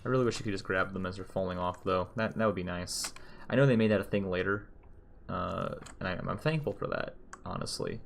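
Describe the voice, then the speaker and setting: Low-voiced rambling young male streamer. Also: brisk, creaky, slight background noise. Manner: rambling, joking, swears freely. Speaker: game streamer. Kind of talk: casual gameplay commentary.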